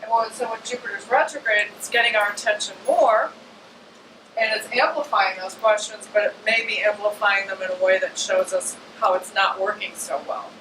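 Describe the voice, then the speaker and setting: A woman astrologer in an informal talk to a live audience, chatty and animated, often slipping into little acted-out voices. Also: medium pitch, moderate pace. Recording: echoey room, distant mic, air conditioning hum.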